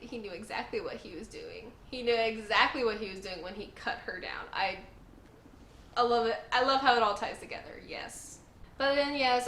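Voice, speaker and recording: A woman hosting her own channel, recapping a story with gushing, emphatic enthusiasm and repeated exclamations. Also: fairly high pitch. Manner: gushing, animated, emphatic repetition. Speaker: host. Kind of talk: excited casual recap. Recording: echoey room with faint noise.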